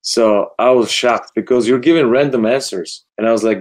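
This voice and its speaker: A man's voice: mid-range voice, normal speed, darkish tone. A man hosting an interview podcast, reflecting on his own experience and asking questions. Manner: reflective, shares own stories, asks questions. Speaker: podcast host. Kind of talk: casual interview talk.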